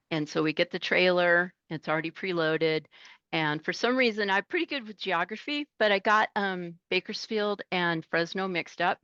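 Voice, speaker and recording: Animated woman trucker telling stories. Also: fairly low pitch, no echo, muffled recording. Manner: animated, laughing, acts out voices. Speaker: guest, truck driver. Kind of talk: casual interview storytelling.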